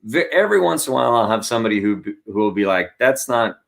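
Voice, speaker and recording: A man, a guest comedian, chatting in an interview and telling stories with animated asides and quick voice impressions. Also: lowish voice, gravelly. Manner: animated storyteller who acts out voices. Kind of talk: casual interview chat.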